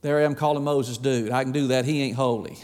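A middle-aged man preaching a sermon in an animated way, acting out the voices of God and of people. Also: medium pitch, brisk, in a large hall.

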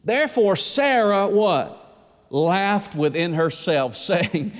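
Man, pastor's sermon, emphatic rhetorical questions, high voice, echoey church hall. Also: big pitch swings, normal speed, a bit bright. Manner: folksy, emphatic, asks the crowd rhetorical questions.

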